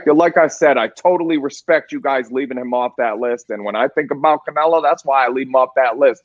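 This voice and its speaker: A man's voice: fairly high pitch, a bit bright, no echo, lo-fi sound. A man co-hosting a sports podcast, telling rambling stories and getting fired up about who is toughest. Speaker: podcast co-host. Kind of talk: casual sports chat.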